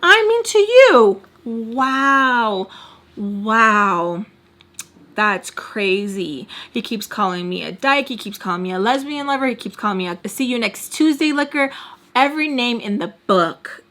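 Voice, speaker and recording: Young woman storyteller, candid, filler-heavy chat, mid-pitched, blunt and animated. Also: moderate pace. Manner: chatty and candid, heavy use of "like"; animated retelling, swearing freely. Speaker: storytime vlogger.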